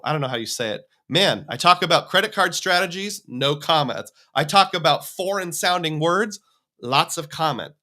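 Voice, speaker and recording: A man's voice: on the high side, expressive, a little fast, bright, forceful tone. A man hosting a livestream, talking casually and rambling as he reads viewer comments. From United States. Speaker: livestream host.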